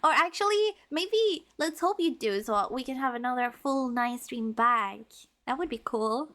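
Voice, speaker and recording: A woman's voice: a little high, animated, measured pace, a bit bright. A young adult woman streaming a story game, chatting playfully and dramatically with her viewers. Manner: playful, dramatic, teasing with chat.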